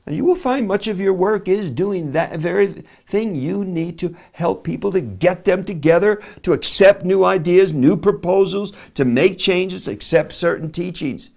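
Man preaching, loud then hushed. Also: high voice, creaky. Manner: dynamic, swings from loud to very soft and slow. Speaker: pastor. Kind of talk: sermon.

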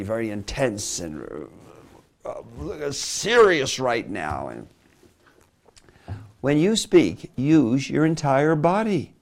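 A man giving a preaching-style lesson on speaking, animated and emphatic, sometimes dropping to a quiet voice. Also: mid-range voice. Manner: animated, emphatic delivery with sudden drops to a quiet voice. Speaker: preacher teaching public speaking.

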